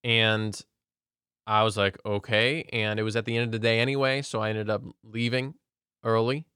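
A man's voice: fairly low pitch, level tone, normal speed, pushed and bright, clean tone, dry recording, clean studio sound. Earnest man telling a faith story. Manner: earnest, conversational, frequent restarts. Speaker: guest sharing faith testimony. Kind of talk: casual storytelling testimony.

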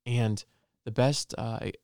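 A man's voice: medium pitch, steady tone, takes it slowly, vocal fry, darkish tone, clear, resonant tone, no room sound, studio quality. A man giving an earnest personal testimony and preaching, repeating phrases for emphasis.

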